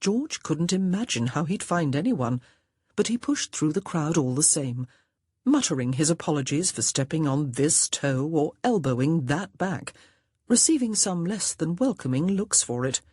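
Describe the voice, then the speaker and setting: Low husky woman narrating a romance. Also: dry recording, studio quality. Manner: measured, expressive storytelling. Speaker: audiobook narrator. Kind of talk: scripted narration of a romance novel.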